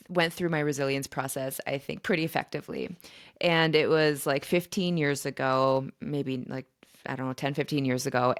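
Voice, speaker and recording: A woman podcast host telling a personal story in a chatty, animated way. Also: low-pitched, no echo, studio quality. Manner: chatty and animated, with fillers and laughs. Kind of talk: casual storytelling monologue.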